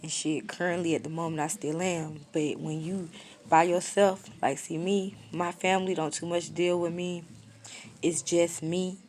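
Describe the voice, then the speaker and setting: A woman's voice: on the low side, steady tone, normal speed, a little mellow, a little hiss or hum. A woman in her twenties telling a personal story in a casual vlog, in blunt, slangy, matter-of-fact talk that shows little emotion. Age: 20s. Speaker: storyteller vlogger. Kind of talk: casual story time monologue.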